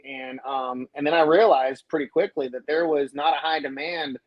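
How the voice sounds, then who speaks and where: A man, a radio DJ guest on a podcast, telling stories in a casual, animated way and acting out what people said. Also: a little high, normal speed, muffled recording. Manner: animated, acts out quoted dialogue. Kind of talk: casual storytelling.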